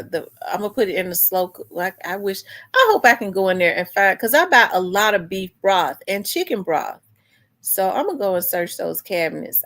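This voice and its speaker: A woman with a medium-pitched, fairly bright voice hosts a casual livestream, chatting loosely and rambling with live viewers. She restarts her sentences and responds to comments from chat.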